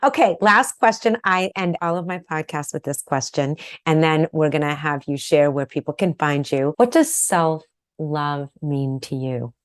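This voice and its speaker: Low-voiced, effusive woman podcast host. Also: unhurried, clean tone, no room sound, clean studio sound. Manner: emotional, effusive, encouraging. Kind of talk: podcast conversation.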